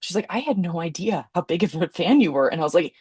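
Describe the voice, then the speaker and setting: A young woman chats on a podcast with a low, dry voice. She rambles through her stories and laughs easily. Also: animated, quick pace, darkish tone, slightly rough, no echo. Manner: chatty, giggly, rambling storyteller. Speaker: podcast co-host. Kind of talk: casual chat.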